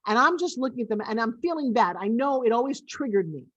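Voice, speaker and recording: A woman's voice: fairly high pitch, animated, fast, fairly bright tone, muffled recording. Middle-aged woman on a video call, guest on a podcast, tells her story with lots of punch and emphasis. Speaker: interview guest. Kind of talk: personal storytelling in a podcast interview. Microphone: remote video call.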